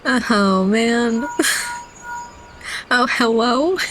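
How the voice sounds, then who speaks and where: A woman's voice: fairly high pitch, very slow, a bit bright, soft background music. A young woman streaming a video game, chatting casually and breaking into giggles. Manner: giggly, easily cracks up, chatty asides.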